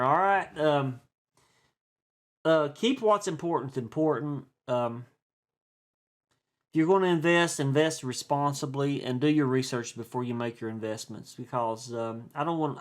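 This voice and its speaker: A man with an East Tennessee accent, rambling in a chatty, folksy way through a casual vlog monologue, full of fillers and restarts. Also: on the high side. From East Tennessee, USA. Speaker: stock and crypto video host.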